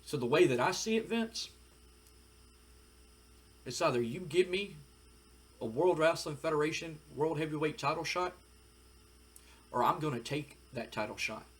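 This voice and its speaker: A man voicing a menacing male wrestler, speaking in a slow, threatening drawl. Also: a little high, animated, lightly acted.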